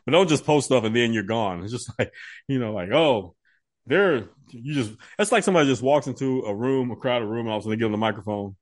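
A man co-hosting a podcast, telling stories in animated, casual chat and laughing often. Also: medium pitch, fast talker. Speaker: podcast co-host.

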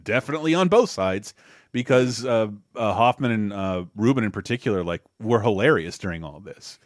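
Dry-sounding, animated laughing man. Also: lowish voice, a little fast, no room sound. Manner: animated, laughs often, stammers and restarts. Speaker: podcast co-host. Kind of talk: casual movie discussion.

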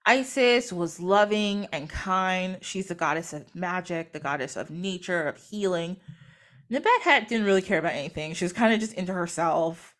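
A woman's voice: lowish voice, normal speed, a bit bright. Bubbly, giggly woman retelling a myth. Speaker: podcast host. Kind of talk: casual storytelling.

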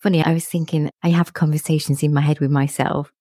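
A woman's voice: low-pitched, flat delivery, fast, warm tone, dry recording, studio quality. A middle-aged woman, a podcast guest, talking in a reflective, casual way and often laughing as she speaks. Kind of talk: casual conversational chat.

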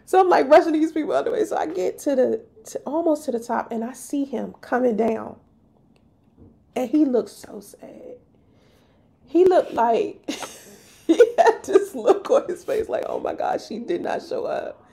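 A woman tells a story of her own on her podcast. Her voice sits a little high but stays gravelly and mellow. She speaks with animated emphasis. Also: unhurried. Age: 30s. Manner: animated, emphatic, slips into voicing others. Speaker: podcast host. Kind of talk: candid personal storytelling.

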